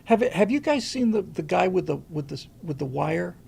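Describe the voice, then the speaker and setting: A man's voice: sits high, animated, moderate pace, creaky, darkish tone, breathy edge. A man hosting a show, talking through a casual commentary monologue and telling a story in a rambling way, often restarting and repeating words. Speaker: show host.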